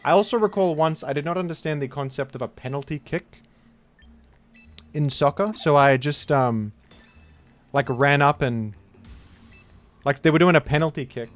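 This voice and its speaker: Playing on stream, this man speaks at a normal speed in a slightly high voice and pauses often. His casual commentary drifts into meandering, self-deprecating anecdotes between moves, over faint background music.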